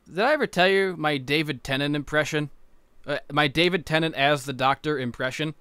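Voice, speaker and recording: Bright-voiced joking male podcast co-host. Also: fairly high pitch, brisk, clean tone, no room sound. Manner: crude, joking, excitable. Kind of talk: casual chat.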